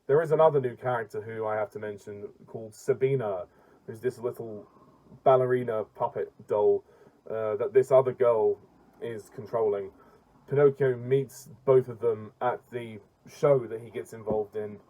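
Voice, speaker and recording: A man in a casual film-review rant, mellow and warm in tone, blunt and exasperated as he trips over his words and starts again. His pitch sits at an ordinary middle height for a man. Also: steady tone, moderate pace, rough recording. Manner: blunt and exasperated, with frequent restarts and stumbles.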